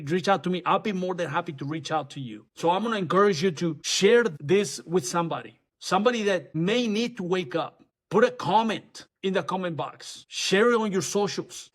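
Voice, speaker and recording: A high-pitched man delivers an urgent faith-based talk to men. He drives his points home with repetition, often stumbles and restarts mid-phrase, and speaks with an earnest, exhorting push. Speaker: men's ministry speaker.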